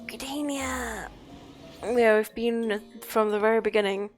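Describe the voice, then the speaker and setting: A woman streaming a game, chatting softly and cooing to her cat in baby talk. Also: a little high, unhurried, soft background music. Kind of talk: casual game stream chat.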